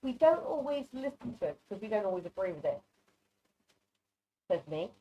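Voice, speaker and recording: Woman on a video call doing psychic readings, warm pet names, kinda dull lo-fi sound. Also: mid-range voice, very animated, brisk. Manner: affectionate, chatty, calls people darling. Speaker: psychic reader. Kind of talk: live online readings.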